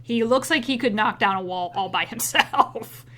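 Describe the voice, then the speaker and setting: A woman narrating as game master of a tabletop game, relaxed with many fillers and frequent laughs. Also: on the high side, moderate pace.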